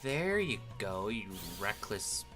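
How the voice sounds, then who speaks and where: A streamer giving playful, expressive gaming commentary, swearing freely and reading game dialogue aloud. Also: mid-range voice, takes it slowly, faint music behind. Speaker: streamer playing a video game.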